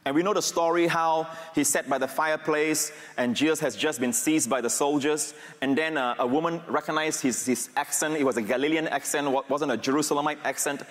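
A male pastor preaching a sermon, swinging from raised, emphatic peaks to hushed, low, intimate passages. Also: fairly quick, hardly any pauses. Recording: reverberant hall.

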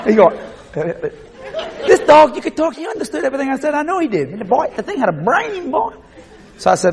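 Preacher, male, high lively voice, comic storyteller, faint audience behind. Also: moderate pace, pauses often, crowd noise. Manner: animated, laughing, acts out scenes.

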